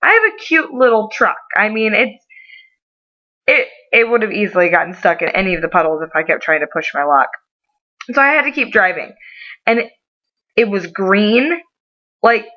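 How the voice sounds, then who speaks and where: A young adult woman telling a story in a casual vlog, animated and given to over-the-top dramatizing. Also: medium pitch. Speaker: vlogger. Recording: slightly muffled lo-fi audio.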